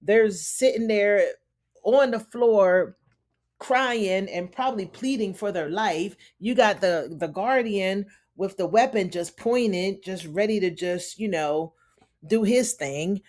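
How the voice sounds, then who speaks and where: A woman's voice: mid-range voice, slow, darkish tone. Chatty woman recapping a TV episode. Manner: chatty storytelling, acting out the characters' lines; loose, conversational with frequent "you know" and "honey". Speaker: TV recap host.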